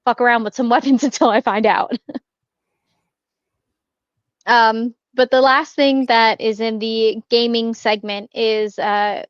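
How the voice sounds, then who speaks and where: A woman's voice: fairly high pitch, steady tone, slow pace, pauses often, no echo, muffled recording. A woman co-hosting a pop-culture podcast in casual chat, laid-back, swearing casually and filling with "um" and "like". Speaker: podcast co-host.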